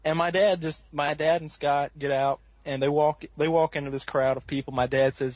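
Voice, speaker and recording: A man on a podcast telling a long story in a casual, animated way, laughing often. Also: normal speed, few pauses, dry recording. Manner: animated, laughs often, acts out quoted people in a higher voice. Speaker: podcast co-host.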